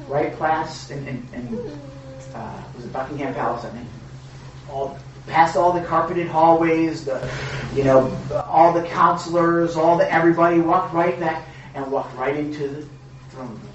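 A man's voice: a little high, muffled recording, background noise. A man delivers a sermon in an easy, conversational style, looping back on himself and tossing in asides to his listeners. The sound is heavily reverberant and picked up from a distance, as though the mic hangs at the back of a large hall. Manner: conversational, rambling with restarts and rhetorical "right?". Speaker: pastor. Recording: echoey room, mic far off.

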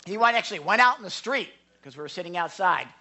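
Bright-voiced animated preacher. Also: male voice, high voice, fast talker. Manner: animated, repeats words and restarts. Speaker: pastor. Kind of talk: sermon storytelling.

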